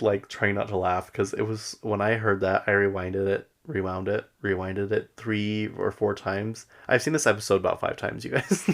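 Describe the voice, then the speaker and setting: A male podcast host rambles through a reality-show recap with a low voice full of gravelly fry. He talks casually and excitably, leaning on "like" at every turn and breaking into laughs. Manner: rambling and excitable, many "like" fillers, laughs often.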